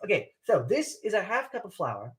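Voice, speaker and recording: A man's voice: high-pitched, huge pitch swings, moderate pace, a bit bright, husky. A young man from Bermuda, chatting playfully as he hosts a live baking stream from his kitchen. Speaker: baking show host. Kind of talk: casual live-stream chat while baking. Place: home kitchen.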